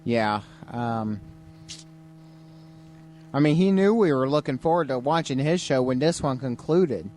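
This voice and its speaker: A man's voice: medium pitch, lively intonation, a little slow, pauses often, darkish tone. A man co-hosting a late-night live stream, chatting casually and chuckling often, sounding tired. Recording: faint hum, compressed live stream.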